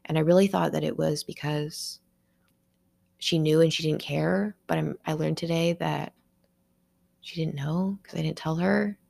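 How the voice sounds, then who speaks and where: A woman's voice: sits low, fairly even intonation, unhurried, creaky, a little mellow, no room sound, studio quality. A young woman hosting her own podcast, talking through a personal story in an emotional, rambling way, full of "like" and restarted sentences. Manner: emotional and rambling, heavy with filler "like"; searching, restarting sentences while processing aloud. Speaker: podcast host.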